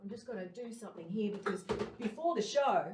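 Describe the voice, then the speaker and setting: A woman's voice: mid-range voice, expressive, fairly quick, darkish tone, a little hiss or hum. A middle-aged woman performing a chatty, self-deprecating stand-up monologue on a live stage, laughing often at her own jokes. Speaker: stand-up comedian. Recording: roomy, from a distance.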